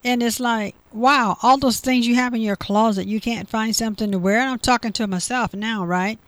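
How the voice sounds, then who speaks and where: A woman's voice: on the high side, steady tone, normal speed, dry recording. A woman giving a devotional talk, reading Bible verses aloud and then explaining them with repeated phrases. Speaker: Bible teacher.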